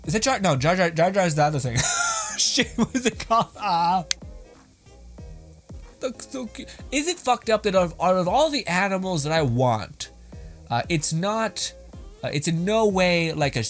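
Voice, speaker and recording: A young man hosting, giving casual, rambling reaction commentary with frequent laughter and plenty of swearing. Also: high-pitched. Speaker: host reacting to videos.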